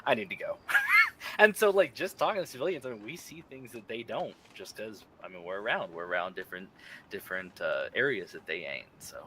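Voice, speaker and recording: A man's voice: fairly low pitch, expressive, a little fast, pushed and bright, slight background noise. A man chatting casually in character as a rancher, swearing freely and laughing often. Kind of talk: casual in-character roleplay chat.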